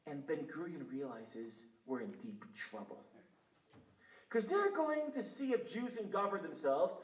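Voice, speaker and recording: Israeli guy giving a lecture, kinda high voice, roomy hall, mic a bit far off, gets loud acting out quotes. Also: unhurried. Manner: animated storytelling, acts out quotes loudly. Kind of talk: public lecture. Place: synagogue hall.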